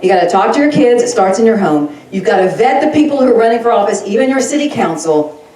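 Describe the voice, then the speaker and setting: A woman's voice: medium pitch, animated, quick pace, warm tone. A woman giving a folksy, fired-up political rally speech, laughing often as she talks. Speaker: rally speaker. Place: rally crowd event. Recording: echoey sound from far off.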